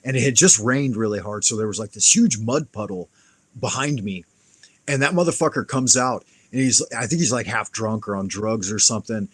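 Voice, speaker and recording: Hosting a live stream, a man casually tells a profane fight story with animation, acting out the lines of the people involved. His lowish voice is a little fast with a breathy edge, and there's no room sound.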